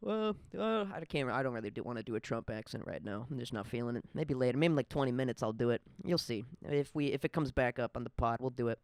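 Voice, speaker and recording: A man's voice: medium pitch, fast talker, few pauses, no echo, clean studio sound. Rambling, profane male podcaster. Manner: rambling and profane, lots of fillers. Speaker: podcast host. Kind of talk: casual solo podcast monologue.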